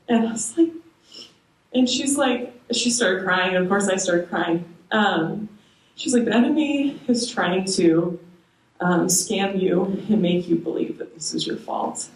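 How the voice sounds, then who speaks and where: A young woman sharing a personal faith testimony with a small moms' group, hesitant, with frequent ums and soft laughs. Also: mid-range voice. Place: church meeting room. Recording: echoey room, voice from far off.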